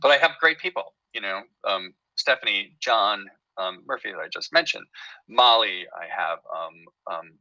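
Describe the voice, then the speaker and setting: A man's voice: lowish voice, animated, moderate pace, pushed and bright, no room sound, poor audio. A man who creates and writes a TV show, telling his story in a casual interview with many fillers and restarts.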